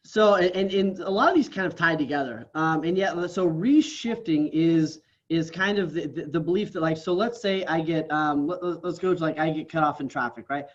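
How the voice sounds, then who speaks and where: A man's voice: a little high, normal speed, few pauses, muffled recording. A man as a podcast guest, talking earnestly and casually and often ending his thoughts with "right?". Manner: earnest, tags many lines with "right?". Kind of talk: casual interview talk.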